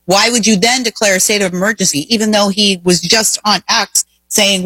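A woman's voice: mid-range voice, moderate pace, few pauses, a bit bright, husky, no echo. A woman hosting a talk show, delivering an emphatic, opinionated monologue full of rhetorical questions. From Indiana, US.

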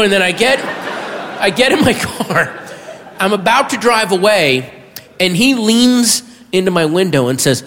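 A man doing a stand-up comedy set, animated and bursting into shouted punchlines, on a stage before an audience. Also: high-pitched, normal speed. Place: large hall with audience. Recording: live hall with crowd noise.

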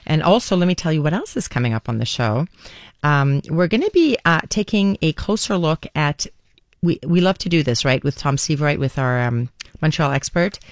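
A woman in her forties with a deep, sing-song voice hosts a morning radio show at a moderate pace. Her casual monologue is chatty, warm, and rambling, full of restarts and fillers, recorded dry at a studio microphone.

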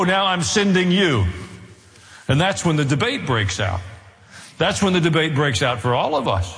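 A man preaches a sermon in a voice pitched a little high, earnest and building, with the odd dry joke. His voice rings out in a large hall with a long tail of reverb. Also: a bit bright. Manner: earnest preaching with dry asides, rising in pitch as he presses the point. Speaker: pastor.

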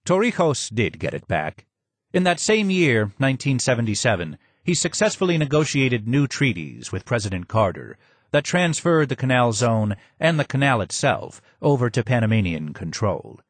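A man narrating a memoir audiobook in an expressive reading with strong emphasis. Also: mid-range voice, no room sound.

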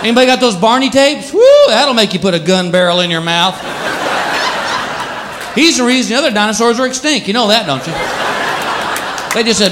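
A man doing stand-up comedy, animated and slipping into quick voices for his bits. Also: high voice. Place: live comedy venue with laughing audience. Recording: live stage recording with crowd noise.

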